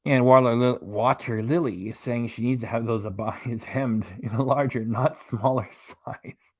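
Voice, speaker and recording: His voice is medium in pitch and darkish, with a steady tone and measured pace. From a small apartment, he hosts a casual livestream, chatting, reading viewer comments aloud, and chuckling frequently.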